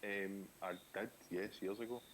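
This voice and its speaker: A man's voice: lowish voice, steady tone, measured pace, fairly bright tone, rough recording. A Scottish man in his thirties chatting casually while drawing on a live stream, laid-back and easygoing. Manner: laid-back, says aye and wee a lot. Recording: faint hiss.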